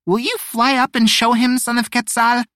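A man's voice: very high-pitched, flat delivery, moderate pace, sharp tone, dry recording, studio quality, pitched above the performer's own voice. A man voicing a sweet, simple-minded female bird in a storybook reading, earnest and proud.

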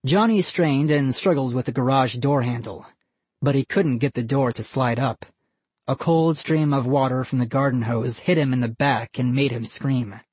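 A narrator reading a scary children's story in measured, even storytelling. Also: mid-range voice, husky, dry recording. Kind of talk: scripted audiobook narration.

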